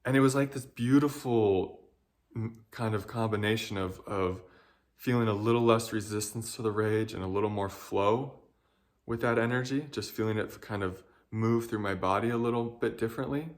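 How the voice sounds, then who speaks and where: A young man talks in a heartfelt, earnest way, his voice sitting a little low. He often stops to search for words and speaks with open emotion as he reflects on his inner life. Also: moderate pace. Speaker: spiritual guide.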